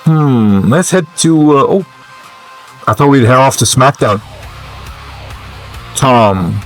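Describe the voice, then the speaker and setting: A man's voice: mid-range voice, expressive, slow, faint music behind. A man giving casual, musing gameplay commentary, hesitant and full of fillers as he thinks aloud. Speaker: gamer commentator.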